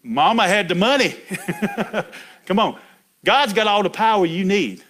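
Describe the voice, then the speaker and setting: A man's voice: high-pitched, animated, measured pace, a bit bright. A middle-aged man preaching a folksy sermon, chatty and laughing, calling out to people in the pews by name.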